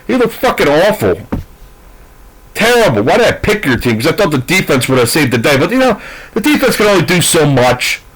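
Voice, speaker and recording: A man's voice: a little high, very animated, brisk, a bit bright, low-quality recording. A man ranting through a sports recap, profane, frustrated and rambling. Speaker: sports commentator.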